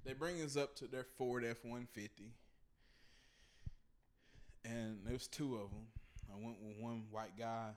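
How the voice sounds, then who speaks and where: A man's voice: medium pitch, a little slow, long pauses, a little hiss or hum. A man co-hosting a podcast, telling a story in a casual way with lots of profanity and slang, acting out the other people's voices. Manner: animated, profane, slangy, acts out quoted voices. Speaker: podcast co-host.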